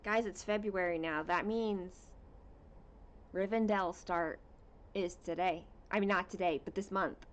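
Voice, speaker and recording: Slow, chatty woman hosting a stitching stream. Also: on the low side, fairly even intonation, highs cut off. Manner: unhurried and chatty, reads out viewer comments with many fillers. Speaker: cross-stitch livestream host. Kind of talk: casual chat with viewers.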